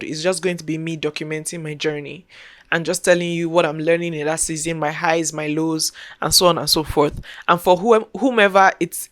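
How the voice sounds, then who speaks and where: A young woman talking earnestly to camera as a content creator, repeating herself as she speaks from the heart. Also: deep voice. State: getting emotional, near tears. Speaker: content creator and podcast host. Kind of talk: casual talk to camera.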